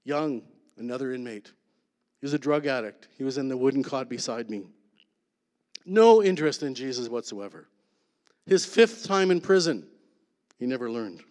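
A man sharing a personal testimony at a church, earnest, with dramatic pauses and soft, intense endings. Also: medium pitch, animated, long reverb tail. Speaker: guest speaker.

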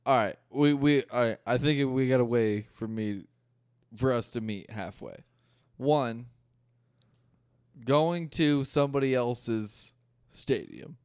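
Laid-back young man, smooth dry voice. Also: mid-range voice, lively intonation, slow pace, pauses often, darkish tone, dry recording. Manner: laid-back, swears freely, laughs things off. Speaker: podcast co-host. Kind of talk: casual chat.

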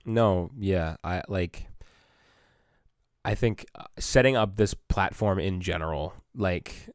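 A man with a very deep voice co-hosts a laid-back podcast. He rambles through his points with lots of fillers and backs up his partner. The recording is dry and close. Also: slow, no echo. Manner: rambling, filler-heavy, supportive. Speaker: podcast co-host. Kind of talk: casual chat.

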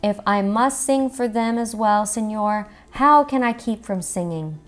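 A woman's voice: mid-range voice, unhurried, close to an everyday voice. A woman voicing a cheerful, stubborn little rooster in a storybook read-aloud, with a lilting, lifted voice. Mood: brave. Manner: cheerful, determined.

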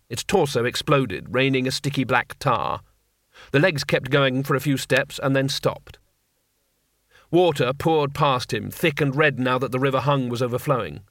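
A male narrator telling a comic fantasy tale in a steady, wry storyteller's voice at a mid pitch. The sound is close and completely dry, a studio audiobook read. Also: no echo.

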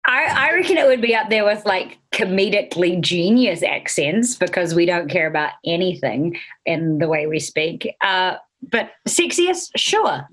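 A woman's voice: lowish voice, sing-song, normal speed. A woman in her thirties with a New Zealand accent, chatting as a podcast guest, laughing often and speaking with lots of animation. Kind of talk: casual interview chat.

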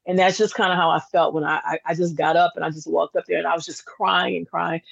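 A woman who runs a candle business, a guest on a casual podcast, telling her story in an animated, chatty way with many fillers. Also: lowish voice, fast talker, creaky, slightly rough, no room sound. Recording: dull lo-fi dry sound.

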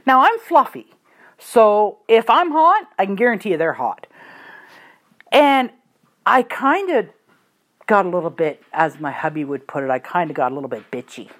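A woman who trains horses, telling a story in a chatty, blunt, animated monologue. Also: mid-range voice, moderate pace.

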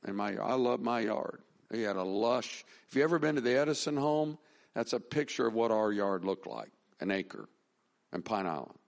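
A man's voice: fairly low pitch, very animated, moderate pace, creaky. A middle-aged man preaching a sermon as pastor, talking in a conversational, folksy way, with restarts and rising emphasis.

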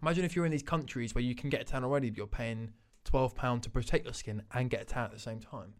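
A man pitching a business idea in casual podcast chat, animated and laughing, acting out scenes as he talks. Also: fast.

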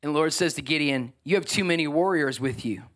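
A middle-aged man, preaching a sermon as pastor in an animated, joking way with asides to the congregation. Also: on the high side, a little fast.

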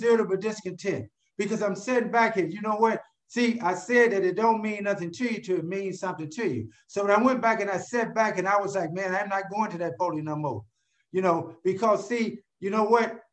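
A man with a high voice for a man tells his story to a live audience. He is lively and keeps turning to the crowd with questions like "you know what?", and he calls out to people by name. His storytelling is direct and conversational. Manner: animated storyteller who keeps asking the crowd rhetorical questions; addresses listeners directly by name. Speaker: speaker sharing his recovery story.

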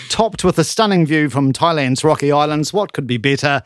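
A man's voice: on the high side, animated, moderate pace, dry recording, clean studio sound. A New man chatting casually as a co-host, laughing often. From New Zealand. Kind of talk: casual chat.

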